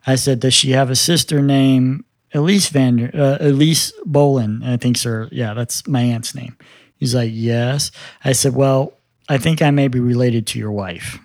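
A man in his fifties tells a personal story in a relaxed interview, speaking earnestly and voicing each side of the conversation. His voice sits in a middle pitch. The sound is dry and close, with no room echo. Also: moderate pace. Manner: earnest, quotes dialogue as he tells it. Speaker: guest telling his story.

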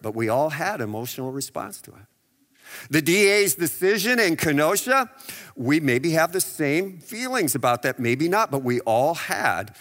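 A man's voice: a little high, fairly bright tone, big-room sound. A male pastor giving a conversational sermon, asking the audience rhetorical questions and acting out what people say. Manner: conversational preaching with rhetorical questions and acted-out quotes.

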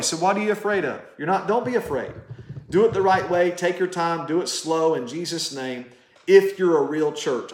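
A man's voice: a little high, echoey room. A man preaching a sermon straight to camera, passionate and direct, firing rhetorical questions at the listener. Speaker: pastor.

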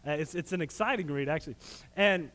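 A man preaching a sermon, retelling a story in an animated, folksy way. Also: on the high side, fast talker, big-room sound.

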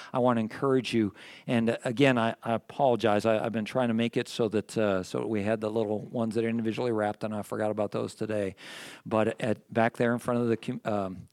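A male pastor giving a sermon in a church, talking in a plain conversational way with many restarts. He gets loud and high when he stresses a point and goes quiet when he reflects. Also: dry recording. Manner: earnest, conversational preaching with frequent restarts. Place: church sanctuary.

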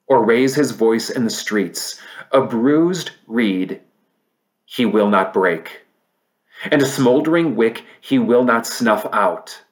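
Male pastor, mid pitch, unhurried sermon delivery with emphatic scripture readings. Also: animated. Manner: preaching, reads scripture aloud, rises to emphatic peaks then drops low.

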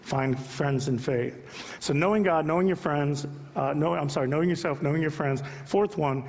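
A man's voice: on the high side, normal speed, darkish tone, big-room sound. A male pastor giving a sermon in a church, preaching emphatically and chatting with the congregation in asides. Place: church sanctuary.

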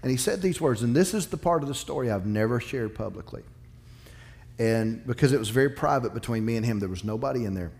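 A man preaching a sermon as pastor, emphatic and confessional, moving between loud and hushed delivery. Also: mid-range voice, animated, quick pace, creaky.

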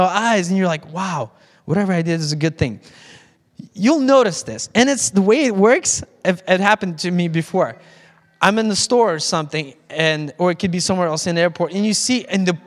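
A man preaching a conversational sermon as pastor, with frequent restarts, in a church sanctuary. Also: high voice. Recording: long church hall reverb.

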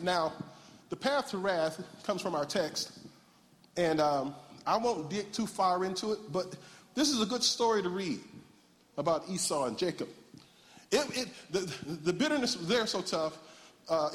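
Playful high-voiced preacher in a reverberant hall. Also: male voice, lively intonation, moderate pace, a bit bright. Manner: playful, banters with the congregation. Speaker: pastor. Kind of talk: sermon. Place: large church hall.

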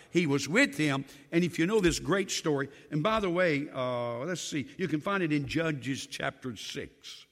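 A man preaches a sermon in a high, bright voice, acting out the dialogue as he tells the stories. His pitch swings widely as he goes. The sound rings with the long reverb of a large hall. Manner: animated storytelling, acting out biblical dialogue.

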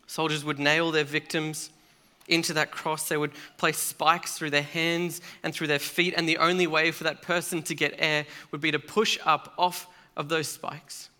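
Male preacher, fairly high, bright, earnest sermon delivery with weighty pauses. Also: flat delivery.

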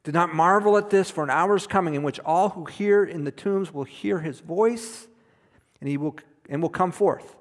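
Middle-aged male preacher, somewhat high voice, emphatic sermon delivery, long hall reverb. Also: moderate pace. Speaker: pastor.

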